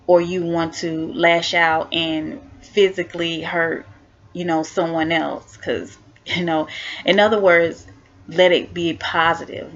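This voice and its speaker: A woman's voice: on the low side, fairly bright tone. A woman vlogger giving heartfelt self-help advice, earnest and encouraging, repeating her key points. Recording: dull lo-fi recording.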